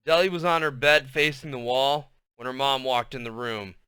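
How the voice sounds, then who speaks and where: A man reading a children's chapter book aloud, his voice bright and smooth. He recaps loosely with fillers before settling into a steady read. The sound is close and dry. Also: medium pitch, moderate pace, no echo. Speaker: reader of a children's novel.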